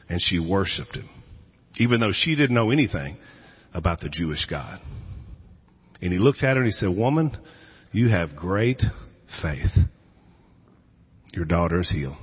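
A man's voice: medium pitch, slightly rough. A male pastor giving a sermon, telling Bible stories dramatically and acting out the voices in them. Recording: echoey hall, dull lo-fi sound.

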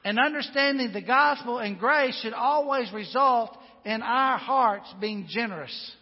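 High-voiced preaching man in a reverberant hall. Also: a little slow. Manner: earnest preaching, emphatic repetitions. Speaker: pastor. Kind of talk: sermon. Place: church sanctuary. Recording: dull sound with long hall reverb.

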